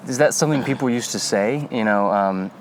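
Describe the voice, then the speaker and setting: A man co-hosting a podcast in casual, animated, joking chat. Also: medium pitch, brisk, slight background noise. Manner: animated, joking, lots of fillers. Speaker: podcast co-host.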